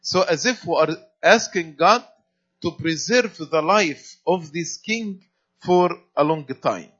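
A man's voice: high-pitched, slow pace, fairly bright tone, breathy edge. Man preaching a sermon, lo-fi sound. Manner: explanatory, repeats phrases, some fillers. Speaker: priest. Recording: dull lo-fi sound.

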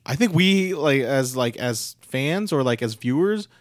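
A man's voice: medium pitch, expressive, measured pace, dry recording, studio quality. A young man co-hosting a casual podcast, recapping a show in a rambling, filler-heavy way with sarcastic asides. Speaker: podcast co-host recapping wrestling. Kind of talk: casual chat.

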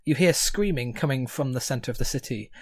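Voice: medium pitch, a little fast, dry recording. Chatty game master narrating. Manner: relaxed, chatty, laughs often.

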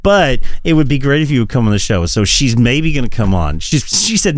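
A man co-hosting a podcast in casual political chat, profane and animated, often laughing. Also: medium pitch, brisk, no echo. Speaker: podcast co-host.

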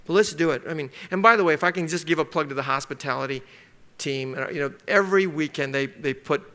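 High-voiced bright male pastor preaching. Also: fast talker. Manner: conversational, asks the congregation to circle words, acts out little scenes. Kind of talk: sermon.

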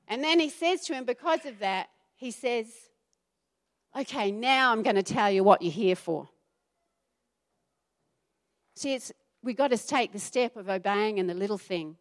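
A middle-aged woman pastor preaching a sermon, acting out the voices she quotes with animated emphasis. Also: a little high, measured pace, pauses often.

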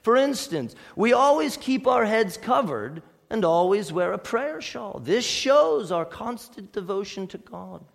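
A man's voice: extremely high pitch, very animated, normal speed, gravelly, few pauses, sharp tone, breathy edge, pitched above the performer's own voice, full character voice. A man voicing a folksy older village father proud of tradition, with a put-on accent. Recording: long hall reverb.

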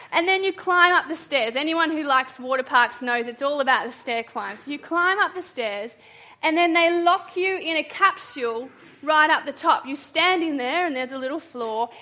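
A woman with a high, bright voice gives a sermon built around a personal story. Her telling is animated, and she often breaks into laughter. Her tone is lively and upbeat. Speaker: preacher.

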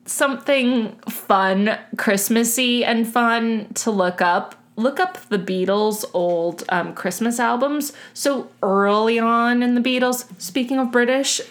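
A woman's voice: on the high side, slow, hardly any pauses. A woman from the United States co-hosting a podcast in casual chat, wry and self-deprecating. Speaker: podcast co-host.

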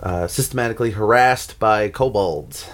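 A man's voice: fairly low pitch, lively intonation, normal speed. A man running a tabletop game as game master, narrating with frequent ums and uhs. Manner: hesitant, lots of ums and uhs while narrating.

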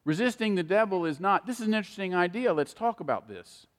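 Male preacher, earnest sermon, fairly high voice, long hall reverb. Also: lively intonation, fast talker. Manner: earnest, addresses listeners directly by name.

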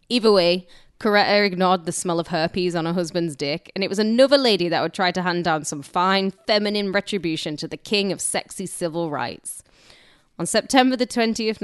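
A woman co-hosts a podcast, telling a history story packed with crude, irreverent jokes and laughing often. Her voice is lowish, and the recording is clean studio sound with no room ambience.

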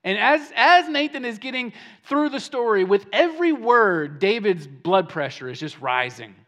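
A man preaching a sermon as pastor, animated and emphatic, often repeating words as he starts a phrase. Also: sits high, normal speed. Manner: animated preaching, swings between hushed and emphatic.

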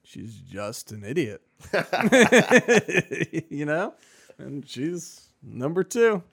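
A man's voice: fairly high pitch, big pitch swings, extremely slow, gravelly, fairly bright tone, husky. A man co-hosting a podcast in casual chat, rambling and sarcastic with many fillers. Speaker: podcast co-host.

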